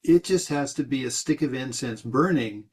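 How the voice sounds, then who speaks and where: A man's voice: medium pitch, moderate pace. A man teaching meditation, answering a student's question in a loose, rambling way with many restarts and the odd chuckle. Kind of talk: dharma talk answering questions.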